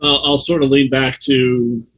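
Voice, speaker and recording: A man's voice: medium pitch, level tone, a little slow, fairly bright tone. A man playing a tabletop game, joking around in a playful way. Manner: jokey, playful. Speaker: player. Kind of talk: tabletop game play, casual.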